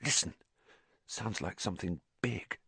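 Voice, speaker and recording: A man voicing a tense young wizard boy speaking in hushed, breathy whispers for an audiobook. The voice sits low and quiet, recorded dry and close to the mic. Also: expressive, unhurried, no echo, full character voice. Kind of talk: audiobook character voice.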